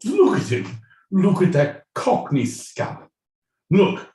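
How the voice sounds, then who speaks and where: A man voicing a snooty upper-class carriage rider with a pompous, drawn-out manner. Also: high-pitched, huge pitch swings, mellow, echoey room, pitched above the performer's own voice, heavily acted. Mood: haughty, gleeful. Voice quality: pompous, drawn-out mock-aristocratic delivery.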